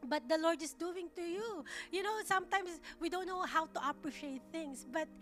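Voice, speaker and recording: Woman minister, very high and bright tone, halting heartfelt sermon delivery. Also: faint music behind. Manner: halting, repeats and restarts words; earnest, emotional. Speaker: church minister. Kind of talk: testimony sermon.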